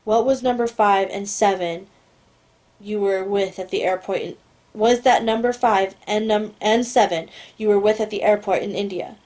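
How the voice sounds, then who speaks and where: A woman reading an audiobook puts on a male government agent running an interrogation. His questions come flat and clipped, neutral in pitch. He is cold and detached. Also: moderate pace, close to an everyday voice. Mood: impatient questioning. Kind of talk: audiobook character voice.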